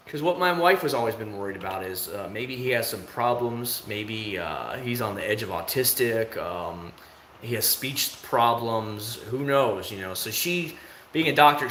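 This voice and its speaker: A man chatting casually to viewers on a livestream from home, rambling along with sudden loud, high bursts. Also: reverberant, slight background noise. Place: at home, indoors. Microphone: phone.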